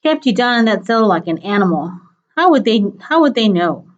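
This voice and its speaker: A woman reading aloud and voicing a menacing, bossy middle-aged kidnapper who gives gruff commands, on a dull lo-fi recording. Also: on the high side, sing-song, a little fast. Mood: scornful.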